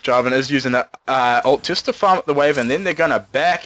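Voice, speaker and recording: A man's voice: fairly quick, hardly any pauses, a little hiss or hum. A young man doing solo play-by-play commentary on a video game, joking and rambling, his voice jumping up when the action heats up. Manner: jokey, rambling, pitch leaps up when excited.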